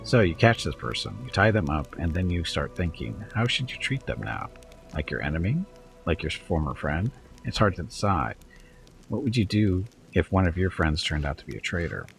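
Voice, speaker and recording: Sly lecturing kobold bard, a deep-voiced man reading him. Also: very animated, normal speed, creaky, faint music behind, heavily acted. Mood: probing. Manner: probing, lecturing, cold when talking of traitors. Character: sly, hard-edged male kobold bard traveler. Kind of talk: reading game dialogue aloud.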